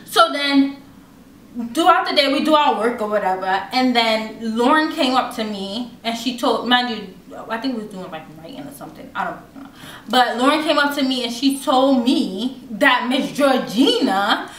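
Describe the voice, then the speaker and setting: Young woman, fairly high voice, chatty storyteller, recorded off-mic in an echoey room. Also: moderate pace, distant mic. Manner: animated, chatty, many fillers and restarts. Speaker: vlogger telling a story. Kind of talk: casual storytime chat. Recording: roomy, off-mic with faint noise.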